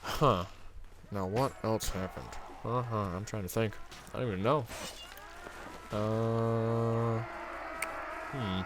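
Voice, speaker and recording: A man's voice: fairly low pitch, fairly even intonation, slow, pauses often, noisy background. A young man hosting a gaming channel who tells a meandering story over his gameplay. He talks casually and fills his sentences with "um" and "like.". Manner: casual and meandering, heavy on fillers like "um" and "like".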